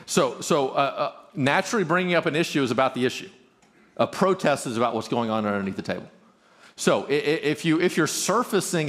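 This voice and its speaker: A man's voice: a little high, lively intonation, a little fast, a bit bright. Earnest man giving a talk. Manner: earnest, conversational, restarts often. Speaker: marriage conference speaker. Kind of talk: live talk to an audience.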